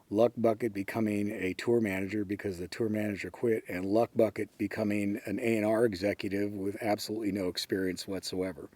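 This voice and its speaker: A man's voice: fairly low pitch, darkish tone, no echo. A man in his sixties from San Francisco, a former record executive, telling anecdotes in an easygoing interview and often quoting others. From San Francisco, USA. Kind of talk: storytelling interview.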